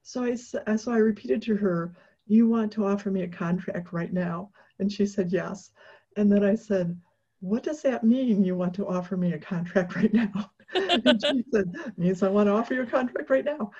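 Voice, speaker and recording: Husky woman telling a story, lo-fi. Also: medium pitch, normal speed. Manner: animated, laughing storyteller with many fillers and restarts. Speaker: interview guest, author. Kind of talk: casual storytelling in conversation. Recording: dull lo-fi recording.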